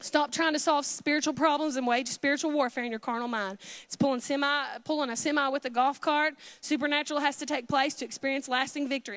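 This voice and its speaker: Fervent high-voiced woman preacher. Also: steady tone, fast talker, no room sound. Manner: fervent, swings between loud exhortation and hushed asides. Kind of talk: Pentecostal sermon.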